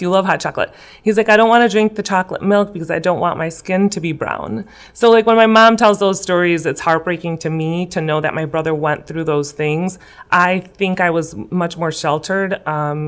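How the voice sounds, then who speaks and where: Earnest woman with a smooth voice. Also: lowish voice. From West Chicago, Illinois. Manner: earnest, emotional, many fillers. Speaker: guest, political candidate. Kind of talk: interview answers. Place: school room.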